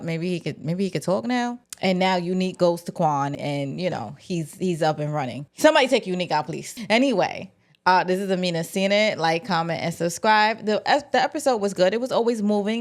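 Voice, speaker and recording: Animated woman recapping a TV show. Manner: animated and expressive, slangy, big pitch jumps. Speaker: TV recap vlogger host. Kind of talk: casual TV episode recap.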